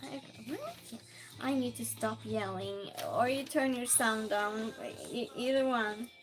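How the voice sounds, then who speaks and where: A woman hosting a live stream, chatting casually, reading viewer comments aloud and calling out loud greetings to regulars. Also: on the high side, steady tone, a little slow, music in the background. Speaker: livestream host.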